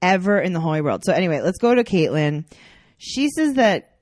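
Brief: female co-host, sarcastic recap, bouncy pitch, dry close sound. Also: very animated, brisk, a little mellow, no room sound. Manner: mocking, acts out quotes in silly voices. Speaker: podcast co-host. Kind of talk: casual chat recapping a reality show.

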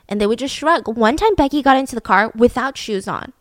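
A young woman host telling a story in an animated, chatty way with many fillers. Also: fairly high pitch, fairly quick, few pauses, no echo, clean studio sound. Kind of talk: casual storytelling chat.

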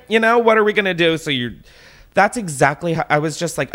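Animated, swearing male podcast host. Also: a little high, normal speed. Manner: animated, exasperated ranting with frequent swearing. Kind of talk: casual podcast rant.

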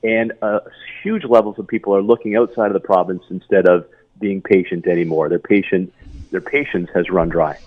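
Man, lowish voice, emphatic interview guest, tinny dry phone line. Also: normal speed, dry recording. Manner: animated, emphatic, repeats words. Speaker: real estate association CEO, guest.

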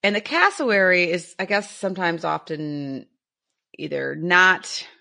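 Bright-voiced, enthusiastic woman podcaster. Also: fairly low pitch, lively intonation, a little slow, gravelly. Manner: chatty and enthusiastic, laughs often. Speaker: podcast co-host. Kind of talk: casual podcast chat.

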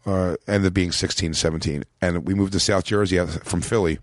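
A rambling man trades stories in loose podcast chat and leans on "like" constantly. His voice sits low, and the sound is dry and close, with no room around it. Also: steady tone, fairly quick, no room sound. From Philadelphia, USA. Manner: rambling storyteller, lots of "like" fillers. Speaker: comedian, podcast guest. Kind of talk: casual chat.

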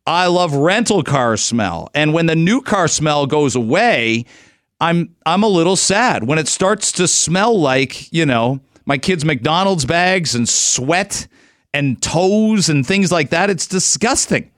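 A man's voice: fairly high pitch, animated, slow, fairly bright tone, no echo, clean studio sound. Chatty, joking male radio host. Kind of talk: casual radio talk. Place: radio studio.

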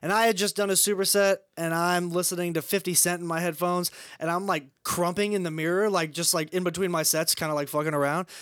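A young adult comedian rambling through a story in a casual podcast chat, full of likes and restarts. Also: male voice, high voice, fairly even intonation, quick pace, few pauses, fairly bright tone, clean tone, no room sound, studio quality. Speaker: guest comedian.

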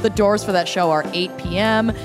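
Woman podcast co-host, casual and jokey, mid-pitched, over music. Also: normal speed. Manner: playful, jokey. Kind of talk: casual chat.

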